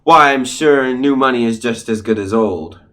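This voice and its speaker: A man's voice: mid-range voice, normal speed, bright, forceful tone, natural voice. A man voicing a lovesick rich young man with a put-on posh manner in a student comedy play, breezy and smug.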